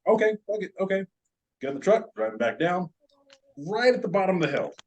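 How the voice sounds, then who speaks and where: A man's voice: high-pitched, fairly quick, rough recording. Man telling a wild story. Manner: animated, profane, joking. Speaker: podcast guest. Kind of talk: casual storytelling.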